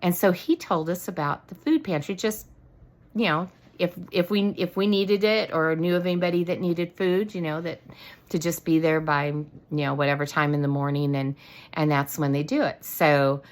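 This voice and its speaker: An older woman chatting through a faith story in a rambling way, full of restarts and "you know," and lively when amazed. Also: low voice, moderate pace. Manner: excitable, animated when amazed. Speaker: faith talk show host. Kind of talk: casual faith testimony storytelling.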